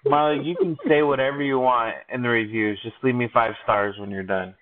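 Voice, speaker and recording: Male podcast host, casual joking banter, average pitch, narrow phone-like audio. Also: steady tone, a little fast, a little hiss or hum. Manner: joking, teasing, rambling. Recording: tinny phone-like sound.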